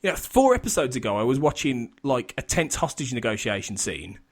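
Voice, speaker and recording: A man's voice: medium pitch, very animated, brisk. A man hosting a casual podcast chat, rambling and restarting his sentences, laughing often. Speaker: podcast host.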